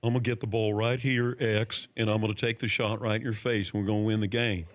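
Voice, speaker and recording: A man's voice: lowish voice, flat delivery, quick pace, pitched below the performer's own voice, lightly acted. A man doing an impression of a trash-talking basketball star who calls his shot and boasts in short, clipped lines. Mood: cocky.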